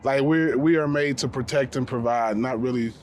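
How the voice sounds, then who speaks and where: A man telling stories outdoors in a relaxed casual chat, swearing and repeating words as he goes. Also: medium pitch, moderate pace. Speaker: podcast co-host on a fishing trip. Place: outdoors by water.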